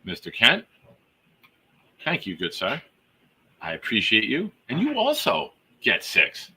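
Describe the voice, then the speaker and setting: A man hosting a live fan show, reading out gifted memberships to the chat with exuberant hype-man shout-outs. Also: fairly low pitch, wildly swooping pitch, slow pace, breathy edge.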